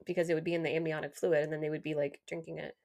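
A woman in her thirties with a fairly low voice co-hosts a relaxed chat. She explains things plainly and matter-of-factly. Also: rapid-fire, vocal fry. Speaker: co-host. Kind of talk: casual chat.

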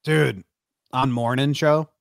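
A laid-back man chatting on a podcast, rambling along with plenty of filler words. His voice sits at an ordinary middle pitch. The sound is close and dry, with no room around it. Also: fairly even intonation, takes it slowly, gravelly, no echo. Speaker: podcast co-host. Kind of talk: casual chat.

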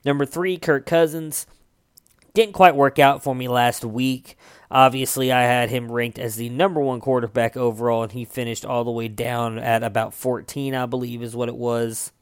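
A young man works through his fantasy football rankings in a relaxed, chatty way, pausing on fillers as he goes. His voice is smooth and clean, recorded close and dry with no room sound. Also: mid-range voice, dry recording. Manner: relaxed, conversational, frequent uh fillers. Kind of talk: casual ranking commentary.

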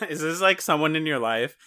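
Bright-voiced man in casual chat. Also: on the high side. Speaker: podcast co-host.

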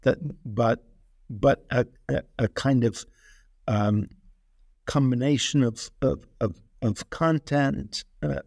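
A man's voice: medium pitch, vocal fry, darkish tone, dry recording, studio quality. A man, an author being interviewed, answering in a hesitant scholarly way with many restarts and fillers.

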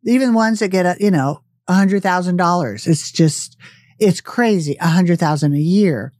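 A woman's voice: fairly low pitch, moderate pace, darkish tone, dry recording, studio quality. A middle-aged woman hosting a podcast, reading an upbeat, hype-building introduction and then chatting with her guest. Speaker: podcast host. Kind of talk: scripted show intro, then casual interview chat.

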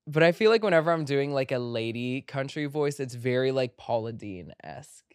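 A low-middle voiced podcast host chatting in a studio. The talk rambles playfully, packed with "like" fillers. The sound is dry and close. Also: lively intonation, moderate pace, clean tone, no echo. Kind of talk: casual chat.

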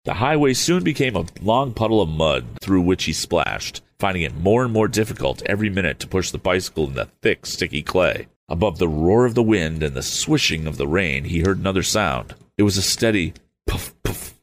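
A man hosting a storytime show, reading a book aloud with relaxed, chatty asides. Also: sits low, moderate pace, a little hiss or hum. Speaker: host and storyteller.

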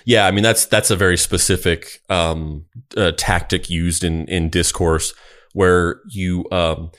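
A podcast co-host chats casually in a low voice with fairly even intonation, a fairly bright tone and a measured pace. He rambles, with many fillers and restarts.

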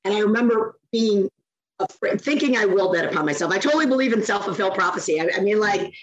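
A woman's voice: mid-range voice, fast talker, dull audio. A middle-aged woman, a guest telling personal stories in a casual interview and acting out the quoted speech. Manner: animated storyteller, acts out quoted speech. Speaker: guest, nonprofit founder.

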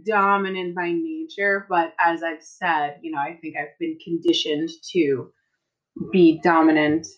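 A woman's voice: sits low, little pitch movement, a little slow, highs cut off. A woman co-hosting a podcast in casual, teasing chat. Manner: teasing, playful. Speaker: podcast co-host.

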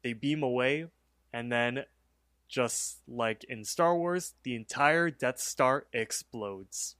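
A man's voice: medium pitch, takes it slowly, a bit bright, no echo, clean studio sound. A man co-hosting a podcast, casually retelling a cartoon episode with lots of "like" and "um". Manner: rambling retelling full of "like" and "um". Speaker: podcast co-host.

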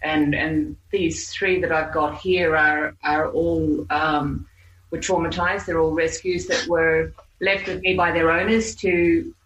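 A woman with a bright, sharp voice talks as a guest in a relaxed interview. She tells anecdotes loosely, with lots of ums and easy laughter. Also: low voice, slow, roomy sound, a little hiss or hum, low-quality recording. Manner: chatty storyteller, laughs often, many fillers. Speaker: voice-over artist and guest. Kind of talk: casual interview chat.

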